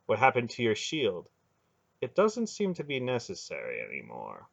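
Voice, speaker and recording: A man voicing a young male sorcerer who speaks slowly and with quiet, cold menace. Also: medium pitch, wildly swooping pitch, vocal fry, full character voice. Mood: steady. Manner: slow, deliberate and quietly threatening.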